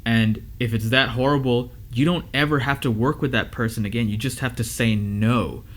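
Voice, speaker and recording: A man's voice: medium pitch, fairly even intonation, moderate pace, a bit bright. A man who is a music engineer and teacher, giving casual advice and stories to his students in a loose, conversational way with lots of fillers.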